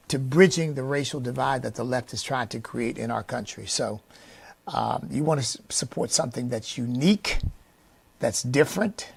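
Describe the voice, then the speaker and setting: Man, organization leader, gravelly, earnest preacher-style appeal, dry close sound. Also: medium pitch, normal speed, no room sound. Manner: earnest, preacher-like emphasis with frequent fillers. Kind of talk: speech appealing for support.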